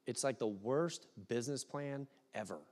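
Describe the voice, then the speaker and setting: A young adult man preaching a sermon, animated, acting out voices and swinging from loud to hushed. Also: medium pitch, moderate pace. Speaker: pastor. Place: church hall.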